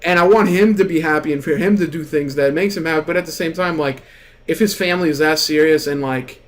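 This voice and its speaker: Rambling young man with a high voice. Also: quick pace, slight background noise. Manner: animated, rambling, heavy swearing and filler words. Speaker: gaming streamer. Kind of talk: casual storytelling rant.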